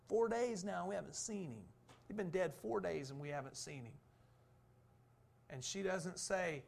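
A man preaching a sermon, posing rhetorical questions and answering them, swinging from fervent emphasis to soft, low reflection. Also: measured pace, vocal fry. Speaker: pastor.

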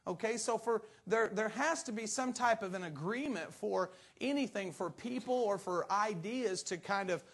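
A man preaching a conversational sermon to his congregation, earnest and halting, often restarting his sentences. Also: sits high, slightly rough.

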